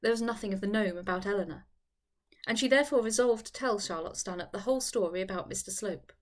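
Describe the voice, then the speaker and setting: A woman narrating a classic novel aloud in a measured, expressive storytelling voice. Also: mid-range voice. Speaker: audiobook narrator.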